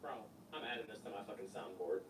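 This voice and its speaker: Profane excitable streamer man, echoey room. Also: lowish voice, fast talker, recorded from a distance, over music. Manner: profane, excitable, laughs loudly. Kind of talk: live stream reaction commentary.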